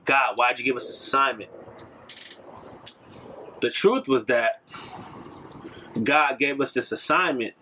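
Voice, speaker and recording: A man's voice: mid-range voice, sharp tone, slight background noise. Earnest man telling a personal testimony. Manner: earnest, reflective, with fillers and restarts. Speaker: podcast storyteller.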